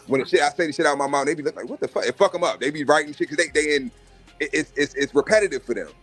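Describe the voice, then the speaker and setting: Brash, profane man with husky voice. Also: on the high side, rapid-fire, a bit bright, soft background music. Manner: brash, swaggering, profane, acts out other voices. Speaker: live stream host. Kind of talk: profane casual storytelling rant.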